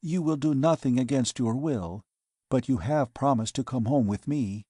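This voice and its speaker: A man's voice: medium pitch, normal speed, warm tone, slightly rough, no echo, studio quality, close to an everyday voice. A man reading an audiobook, voicing a bold, scheming alien woman in a lightly raised voice. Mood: cool, matter-of-fact.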